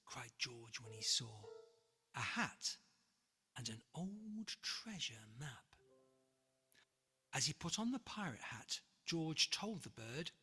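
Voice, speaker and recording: An author reading their own rhyming picture book aloud in a lively, rhythmic way. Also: medium pitch, takes it slowly, slightly rough. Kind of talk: rhyming storybook read-aloud. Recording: long reverb, faint music behind.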